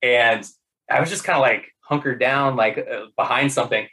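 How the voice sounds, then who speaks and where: A man in casual conversation, telling funny work stories in an animated way, laughing often, with many fillers and restarts. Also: mid-range voice, normal speed, poor audio. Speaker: podcast guest. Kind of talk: casual storytelling.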